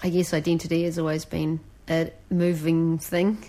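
A woman's voice: deep voice, flat delivery, moderate pace, mellow. A young woman with a New Zealand accent talking casually, rambling with lots of "like" and "you know". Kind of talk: casual chat.

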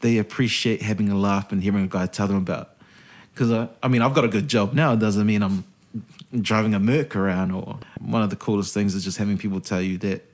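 Kiwi radio guy, lowish voice, swears a lot, acts out the people in his stories. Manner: animated storyteller, swears freely, acts out quoted voices. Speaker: radio host, interview guest. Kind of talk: casual interview storytelling.

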